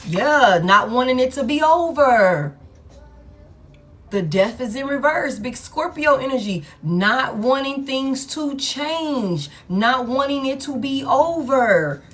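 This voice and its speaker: Woman tarot reader at home, higher voice, profane and emphatic delivery. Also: expressive, slow. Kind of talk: collective tarot reading.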